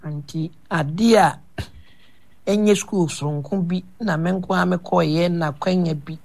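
A man with a Ghanaian accent preaching a radio sermon, slow and emphatic, answered by call and response. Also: a little high, steady tone, vocal fry, a little mellow.

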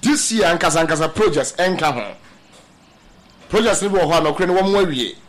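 A high-voiced man delivers political commentary in an emphatic, radio-style manner. He slips English phrases into his speech and speaks to his listeners as family. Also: lively intonation, brisk.

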